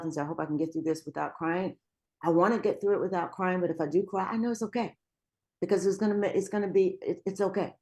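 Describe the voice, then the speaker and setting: Low-voiced encouraging woman speaker. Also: a little mellow. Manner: encouraging, earnest. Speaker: guest speaker. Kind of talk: motivational talk.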